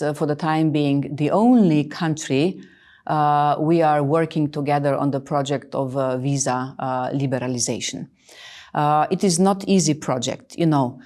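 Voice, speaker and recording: Interview guest, woman in her 60s, low mellow voice, emphatic, hesitant delivery. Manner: emphatic, hesitant with many fillers. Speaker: interviewed official. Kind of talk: earnest interview answers.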